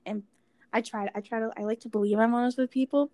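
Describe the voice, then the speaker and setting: A young woman rambles through a frank, casual chat, leaning on fillers and the odd swear word. Her voice sits a little high. The sound is dry and close, with no room echo. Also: fairly even intonation, fast, darkish tone.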